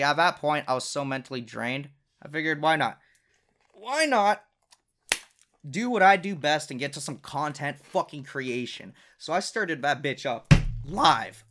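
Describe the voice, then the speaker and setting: A man's voice: mid-range voice, a bit bright. A young man hosting his own podcast, telling a personal story in a casual, profane, exasperated way, with frequent laughs between lines. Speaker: podcast host.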